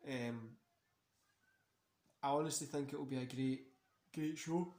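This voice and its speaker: A man's voice: mid-range voice, fairly even intonation, measured pace, a little mellow. A tired man hosting a casual wrestling watch-along, rambling and swearing freely between many fillers. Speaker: host. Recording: roomy echo.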